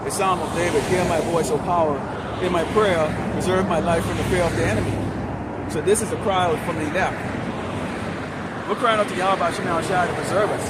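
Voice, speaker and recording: A man preaching an open-air sermon outdoors by a busy street, in a loud, confrontational and profane manner. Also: a little high, heavy background noise.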